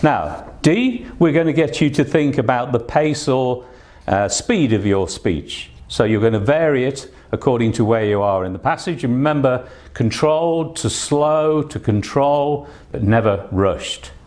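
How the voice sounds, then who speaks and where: A man's voice: medium pitch, lively intonation, unhurried, a little mellow. A man teaching an online exam-prep lesson, patient and instructive, with plenty of "uh" and "um" fillers between his points. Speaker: English test teacher.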